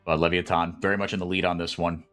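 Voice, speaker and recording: A man calling esports play-by-play, chatty and rambling, who gets loud and excited when fights break out. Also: low voice, fast, faint music behind. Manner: excitable, rises sharply in big fights. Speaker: play-by-play caster.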